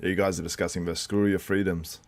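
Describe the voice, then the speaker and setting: A man's voice: low-pitched, little pitch movement, brisk, gravelly. A man hosting a live watchalong stream, chatting loosely and reacting to viewer comments as he talks things through. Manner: loose and rambling with frequent fillers. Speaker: host.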